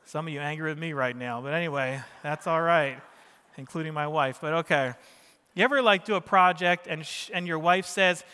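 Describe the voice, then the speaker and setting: A man's voice: on the high side, moderate pace, pushed and bright, clear, resonant tone, big-room sound. A man preaching a sermon in a church, talking casually with the congregation and joking with them as he goes. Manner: conversational preaching with jokes and questions to the congregation. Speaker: pastor.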